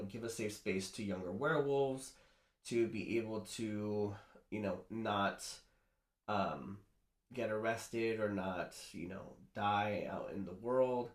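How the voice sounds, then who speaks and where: A man nervously recapping a horror novel in a casual chatty way, rambling with lots of fillers and restarts. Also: lowish voice. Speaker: book reviewer doing makeup. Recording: roomy echo.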